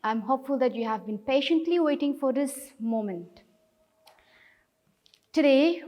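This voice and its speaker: A high-voiced woman teaches a recorded lesson in an unhurried, patient way, stopping again and again to check her students are with her. Her voice rings in a reverberant room. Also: darkish tone. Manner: patient, explanatory, checks in with "okay?" often. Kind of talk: recorded classroom video lesson.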